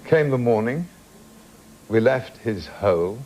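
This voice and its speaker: A man tells an anecdote in a dry, unhurried drawl. His pitch rises and falls freely across each phrase. A steady hiss of old television audio runs beneath him. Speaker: talk show guest, actor. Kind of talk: slow anecdote telling. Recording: noisy archive television audio.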